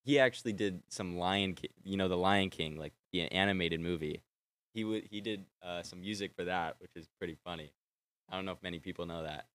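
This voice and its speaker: Low-voiced young man rambling excitedly. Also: brisk. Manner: excitable, swears freely, trails off and restarts. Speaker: vlogger. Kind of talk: casual rambling chat. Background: faint film score playing.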